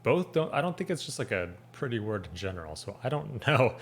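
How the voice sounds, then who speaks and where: A man's voice: medium pitch, sing-song, a little fast, slightly rough. A man with a Californian accent hosting a reaction video, casually trying out words aloud.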